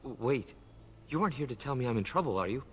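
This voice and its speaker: A timid young elf servant in a fantasy video game, voiced by a man, nervous and stammering. He rushes his words anxiously. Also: mid-range voice, animated, a little hiss or hum, lightly acted.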